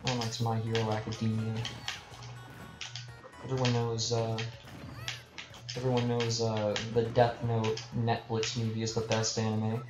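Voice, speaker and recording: Brief: casual male game streamer, joking and rambling, echoey room with loud game music. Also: on the low side, monotone, measured pace, pauses often. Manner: rambling, self-deprecating, chatting with viewers. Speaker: gaming livestreamer. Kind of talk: casual live commentary while gaming. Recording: roomy echo with game music behind.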